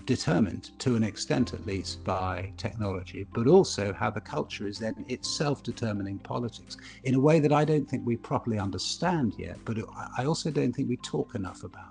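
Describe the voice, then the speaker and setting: Gravelly man, thoughtful speaker. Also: mid-range voice. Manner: thoughtful, anecdotal, animated when telling stories. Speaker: broadcaster and keynote speaker. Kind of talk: reflective speaker Q&A.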